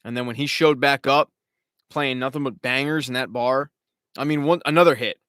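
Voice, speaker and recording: A man in mid-range pitch talks over a home stream mic in a dry, close room. He rambles casually, swears freely and now and then mocks the characters in put-on voices. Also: normal speed, fairly bright tone, clean tone, no room sound. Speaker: show host. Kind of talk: live-stream TV recap chat.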